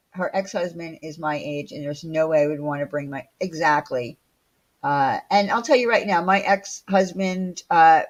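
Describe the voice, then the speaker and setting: A woman's voice: on the low side, highs cut off. A woman hosting a casual livestream, chatting with viewers and answering their comments in a blunt, chatty way full of fillers and the odd swear word. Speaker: livestream host.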